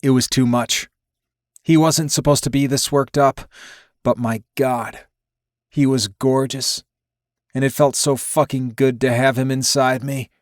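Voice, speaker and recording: A man of middle pitch narrates a first-person romance audiobook, steady and intimate. The sound is very dry and close to the mic. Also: measured pace, no echo.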